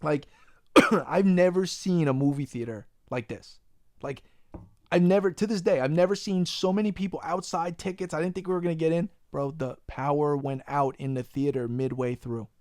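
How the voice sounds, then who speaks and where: A young man hosting a podcast, animated and profane, ranting in casual chat. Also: on the high side, normal speed, no room sound, clean studio sound. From Long Island, New York. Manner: profane, animated ranting, says "bro" a lot. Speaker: podcast host.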